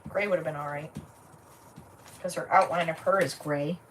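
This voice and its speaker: A woman's voice: low-pitched, steady tone, normal speed, a bit bright, distant mic. Chatty crafter woman, a bit off-mic. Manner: chatty, thinking aloud as she works. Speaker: crafter livestreaming a project. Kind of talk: casual chat while crafting. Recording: voice set back from the mic, faint noise.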